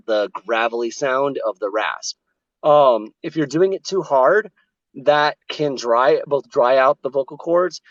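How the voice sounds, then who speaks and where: A man's voice: medium pitch, dry recording. Male voice actor, explanatory interview talk, dull remote audio. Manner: explanatory, demonstrates vocal technique.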